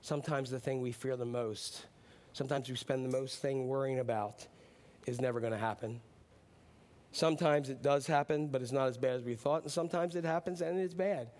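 A man pastor giving a sermon in a casual, chatty way with frequent ums, swinging between loud preaching and soft, hushed asides. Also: mid-range voice, fairly quick.

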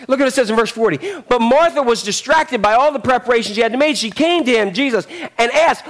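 A man's voice: very high-pitched, lively intonation, a little fast, few pauses, a bit bright. A man preaching a sermon, telling a story animatedly and acting out the characters. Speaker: pastor.

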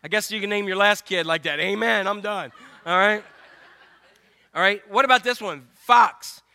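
A man's voice: high voice, normal speed, pushed and bright, clear, resonant tone. An older man preaching a sermon, joking and putting questions straight to his congregation. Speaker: pastor.

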